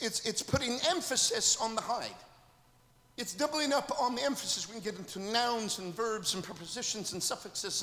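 A male pastor from Minnesota delivers a sermon in a strikingly high voice. His words ring out through a large church hall with a long tail of reverb. He pulls the congregation in with call-and-response, leaning on amen and brother, and moves between shouted peaks and relaxed storytelling. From Minnesota, USA. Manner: rises to shouted bursts, then drops to storytelling.

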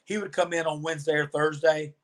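A man with a somewhat high voice tells stories as a podcast guest. He is animated and chatty, and he acts out other people's lines as he goes. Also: a little fast. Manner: animated storyteller, acts out quoted dialogue. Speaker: podcast guest, former pro wrestler. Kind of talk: storytelling interview answers.

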